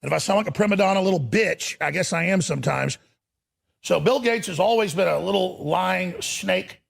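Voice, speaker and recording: A middle-aged man hosting a live show, ranting angrily in a gravelly, raspy voice. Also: sits high, moderate pace. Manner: angry, shouting rant. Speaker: talk show host.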